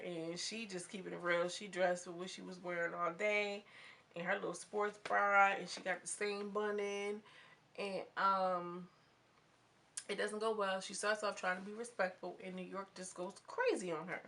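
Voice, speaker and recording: A woman's voice: medium pitch, a bit bright. A young adult woman vlogging a casual, gossipy recap of a reality show, chatty and full of slang as she talks straight to her viewers.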